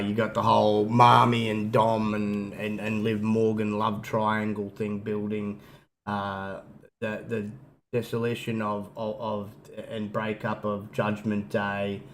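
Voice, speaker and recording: Brief: lower-pitched male podcast co-host, rambling casual chat with fillers, faint hiss behind. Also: gravelly, poor audio. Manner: rambling, frequent fillers and restarts.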